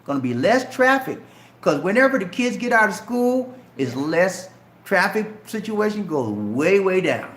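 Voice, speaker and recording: A man's voice: high-pitched, very animated, measured pace, a bit bright. Chatty Southern man in an echoey room. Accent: Southern US, light Geechee. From Charleston, South Carolina. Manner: chatty, addresses viewers directly as man and bro. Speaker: channel host answering viewer questions. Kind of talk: casual live-stream Q&A.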